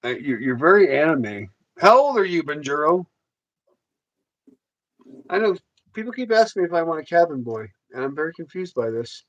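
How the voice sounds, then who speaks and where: A man's voice: fairly high pitch, sing-song, normal speed, long pauses, lo-fi sound. A man with a Southern US accent hosting a livestream, joking and teasing his co-host in casual chat.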